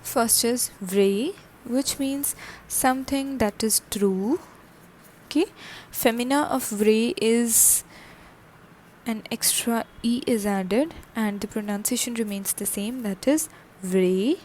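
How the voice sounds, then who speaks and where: Woman teacher, slow and patient, slightly high voice, spells words aloud; faint background hiss. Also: darkish tone. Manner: repeats words and spells them out letter by letter, keeps checking with "okay?". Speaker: French teacher. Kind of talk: slow explanatory language lesson.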